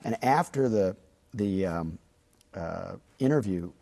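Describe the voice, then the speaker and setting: This Midwestern journalist from Chicago, a man in his fifties, speaks slowly in a low, gravelly, mellow voice that is expressive. As a studio interview guest he tells relaxed stories, hesitant and full of fillers and restarts.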